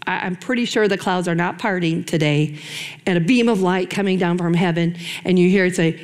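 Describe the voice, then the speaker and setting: A middle-aged woman preaching a sermon to a women's ministry group, earnest and personal, with dramatic pauses and a lively delivery. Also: fairly low pitch.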